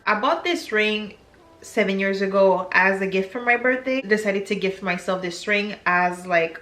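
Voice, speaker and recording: A young YouTuber with a French accent speaks candidly in a confessional vlog, now and then switching into French mid-sentence. Her voice is mid-range with a fairly bright tone, recorded in an echoey room with faint music behind her.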